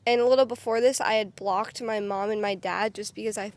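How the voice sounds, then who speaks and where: A young woman telling her own story to the camera in a casual, candid way, full of "like" and quick restarts. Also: medium pitch, steady tone, a little mellow. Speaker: vlogger.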